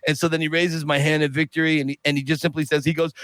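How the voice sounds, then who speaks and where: Lively man telling a story. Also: fairly high pitch, very fast, hardly any pauses, no room sound. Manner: animated, acts out quoted voices. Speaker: podcast guest. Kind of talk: casual storytelling.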